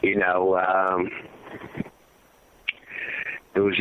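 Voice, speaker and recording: A man, a grieving father, telling his story in an impassioned, rambling way, his voice sinking low and heavy at the hardest parts. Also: expressive, slow, long pauses. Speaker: guest, father of a fallen soldier. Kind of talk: emotional storytelling interview. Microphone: phone call. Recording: tinny phone line, dry.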